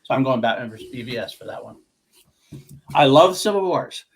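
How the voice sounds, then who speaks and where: This man co-hosts a podcast and rambles eagerly through a laid-back film discussion, cursing and restarting as he goes. His voice sits at medium pitch, animated and fairly quick. A slight hiss or hum is audible.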